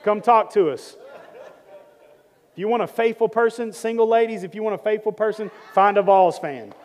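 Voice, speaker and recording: A man preaching a sermon in a church, with a lively, joking way of teaching and praying. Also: high voice, moderate pace, big-room sound, a faint crowd. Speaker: pastor. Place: church sanctuary.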